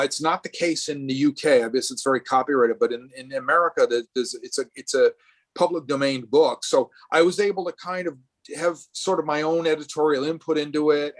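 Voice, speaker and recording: A middle-aged man from Rhode Island, speaking as a guest artist at a live artist event over a video call, rambling with many restarts and fillers. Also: mid-range voice.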